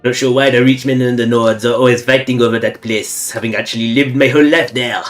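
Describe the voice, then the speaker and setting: Grumbling newlywed farmer with a fake French accent, hammy and mock-serious, as a game streamer puts him on. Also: male voice, medium pitch, steady tone, brisk, faint music behind, voice pushed down, close to an everyday voice.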